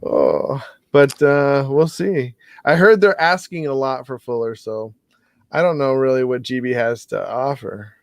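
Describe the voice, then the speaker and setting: A man hosting a podcast in casual sports chat, upbeat and quick to laugh. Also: medium pitch, vocal fry, dry recording, clean studio sound. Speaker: podcast host. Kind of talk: casual fantasy football chat.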